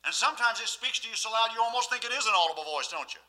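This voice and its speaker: High, sharp-voiced preacher. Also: male voice, animated, racing, low-quality recording. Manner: folksy, emphatic, full of rhetorical questions to the congregation. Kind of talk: sermon.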